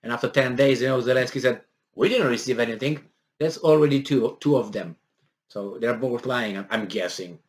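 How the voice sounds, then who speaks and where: A man's voice: medium pitch, brisk, slight background noise. A man giving casual commentary on a news article, rambling with many fillers and restarts, and acting out the voices he quotes with mock exasperation.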